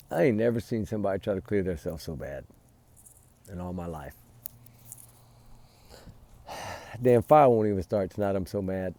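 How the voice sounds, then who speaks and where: A man's voice: low voice, expressive, a little slow, long pauses, mellow. A man giving heated, emphatic casual commentary as a vlogger, recorded outdoors by a fire at night. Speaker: true-crime vlogger.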